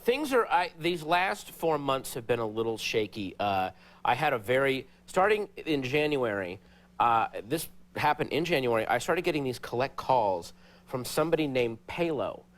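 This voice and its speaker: A man, a comedian guest on a late-night talk show, telling stories in an animated way and jumping into high, excited voices for the people he quotes. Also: moderate pace. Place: TV studio before a live audience.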